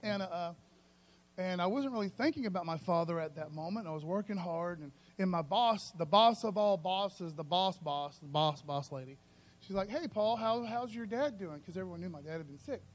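A man preaching a sermon in a loose, conversational, storytelling way, often calling the listeners "man" and swinging between soft and loud. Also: high voice, normal speed.

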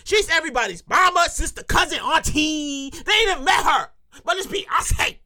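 A woman delivering a comic monologue from her own script, in a very high, piercing voice. She is animated and keeps repeating lines for emphasis. Her pitch swings widely, and she breaks into shouts. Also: moderate pace. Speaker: comedic monologuist.

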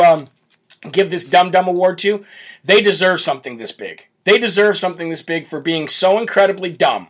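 Brash male political host, high voice, mocking rants from a home setup. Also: normal speed. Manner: brash, mocking, laughs often. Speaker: political talk show host.

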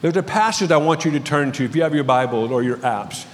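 High-voiced pastor in a reverberant hall. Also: male voice, expressive, fast, slight background noise. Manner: storytelling with light humor. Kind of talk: sermon. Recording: long reverb of a large hall.

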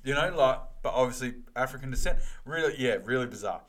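A man's voice: medium pitch, quick pace, fairly bright tone. An Australian man co-hosting a podcast, teasing his co-host and arguing bluntly about football. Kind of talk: casual footy chat.

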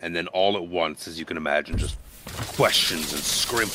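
A man's voice: low-pitched, normal speed, noisy background. A man narrating a tabletop game as game master in a casual way with many fillers.

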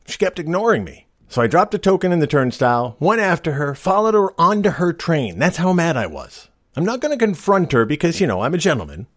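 A middle-aged man spins a rambling tale with a wry, deadpan humor, his pitch rising and falling in lively swings. The sound is close and dry, with no room around it. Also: no echo. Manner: wry, deadpan joking delivery. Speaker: storyteller host. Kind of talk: casual spoken storytelling.

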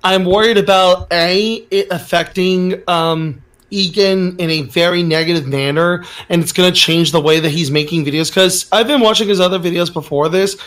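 A man with a high voice co-hosting a casual podcast chat. He speaks earnestly and sounds worried, pausing with fillers as he lays out his concerns. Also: fairly bright tone. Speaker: podcast co-host.

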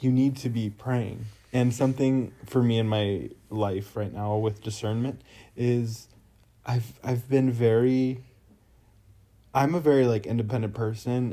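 A young man co-hosting a casual faith talk, telling stories in a chatty, animated way with lots of fillers. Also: mid-range voice. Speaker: podcast co-host.

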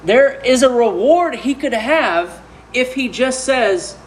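Slow, emphatic preacher man. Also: very high-pitched, expressive, slight background noise. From Arkansas. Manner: emphatic preaching with rhetorical questions. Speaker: pastor. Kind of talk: sermon.

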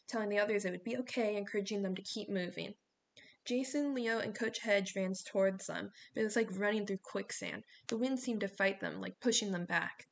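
A woman narrating a novel as an audiobook in a steady storytelling manner. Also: medium pitch, vocal fry.

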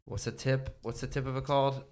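A man's voice: mid-range voice, little pitch movement, brisk, darkish tone. A man hosting a casual podcast, joking around and rambling through stories that trail off. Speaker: podcast host.

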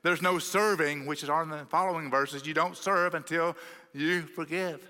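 Texan pastor preaching in a reverberant hall. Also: male voice, fairly high pitch, moderate pace. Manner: animated storytelling, acting out the quoted voices. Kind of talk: sermon. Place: church sanctuary. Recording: long reverb of a church hall.

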